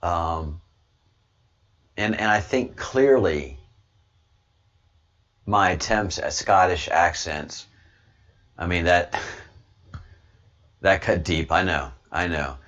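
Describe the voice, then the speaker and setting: A man's voice: low-pitched, drawn-out words, long pauses, a bit bright, lo-fi sound. A man with a Southern American accent talking in a rambling casual monologue, often restarting and calling his listeners brother. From Southern United States. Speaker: online commentary host.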